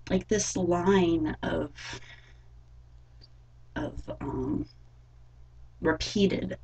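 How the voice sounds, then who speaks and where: A young woman recounts a strange personal experience, rambling and halting with frequent fillers. Her voice is low, very husky and gravelly. She speaks slowly. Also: darkish tone, low-quality recording. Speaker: vlogger. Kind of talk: personal storytelling vlog.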